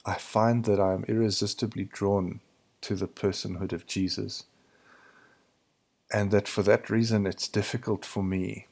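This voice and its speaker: A man hosting a podcast, thinking aloud in a hesitant, searching way, his voice hoarse and gravelly in the early morning. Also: fairly low pitch, a little mellow. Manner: searching, hesitant, restarts to find words. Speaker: podcast host. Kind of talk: reflective spiritual monologue.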